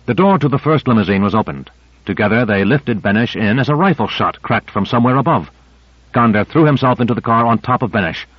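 A man reading a thriller aloud as an audiobook narrator, in a measured, steady way. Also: mid-range voice, slightly rough, no room sound. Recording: dry, slightly dull recording.

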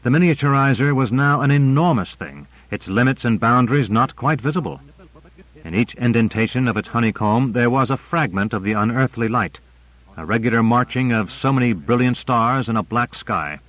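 A man reading a novel aloud in even, descriptive scripted narration. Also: medium pitch. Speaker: audiobook narrator. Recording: muffled lo-fi recording.

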